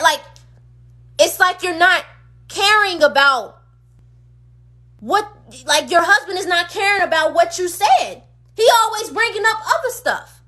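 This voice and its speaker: A woman's voice: extremely high pitch, animated, measured pace, sharp tone. A woman on a phone livestream, delivering an impassioned rant full of emphatic, repeated rhetorical questions. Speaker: streamer.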